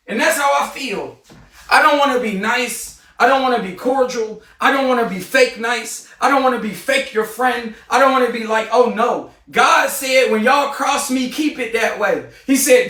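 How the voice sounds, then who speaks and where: Heated ranting man, high bright voice. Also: recorded from a distance. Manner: heated, confrontational, often shouting. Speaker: livestreamer. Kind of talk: ranting livestream monologue. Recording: roomy, off-mic sound.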